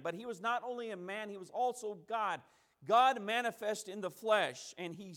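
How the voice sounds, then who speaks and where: A man's voice: high voice, fairly bright tone. A man preaching a sermon, emphatic, stacking repeated phrases and acting out the quotes he tells.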